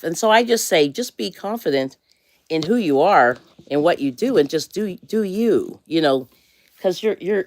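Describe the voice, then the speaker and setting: A woman's voice: low voice, no room sound. An American woman hosting a casual motivational livestream, rambling and self-correcting and laughing often. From USA. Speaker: livestream host.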